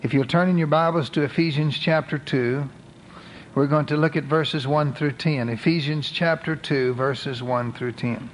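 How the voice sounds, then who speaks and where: A man preaching a sermon as pastor, reading scripture slowly and with emphasis. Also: on the high side, steady tone, slight background noise, poor audio.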